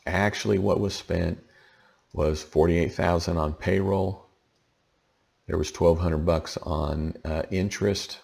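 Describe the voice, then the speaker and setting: Deep, gravelly male tax teacher. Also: steady tone, slow pace, a little mellow. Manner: conversational, checks in with frequent "okay?". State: tired, late at night. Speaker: tax educator. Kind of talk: casual explanatory lesson.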